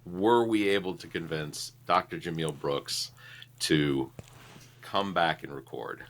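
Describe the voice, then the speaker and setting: Deep-voiced male podcast host, forceful tone, easygoing chat. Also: takes it slowly. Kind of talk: casual chat.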